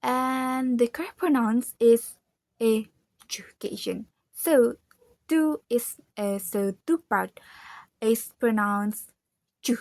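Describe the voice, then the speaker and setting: A woman's voice: on the high side, takes it slowly, darkish tone, no room sound. A young woman student with an Indonesian accent, whose first language is Indonesian. She reads a pronunciation analysis aloud carefully, repeating words to demonstrate their sounds.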